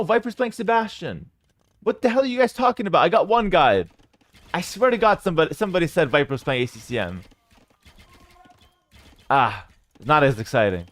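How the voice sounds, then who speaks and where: Excitable higher-voiced male game caster. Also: dry recording. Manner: excitable, fast play-by-play with sudden outbursts; chats to viewers as "guys". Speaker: streamer casting a game. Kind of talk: live esports commentary to chat.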